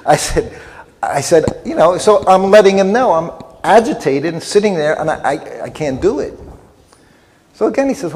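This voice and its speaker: A man's voice: sits high, lively intonation, normal speed, a little mellow. An older man telling a humorous, self-deprecating story as a festival speaker. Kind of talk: storytelling lecture. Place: festival hall. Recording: long reverb in a hall.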